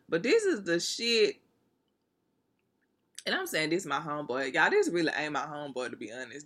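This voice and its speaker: Bright-voiced woman, blunt and profane. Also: deep voice, vocal fry. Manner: blunt, profane, laughs while talking. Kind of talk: casual candid monologue.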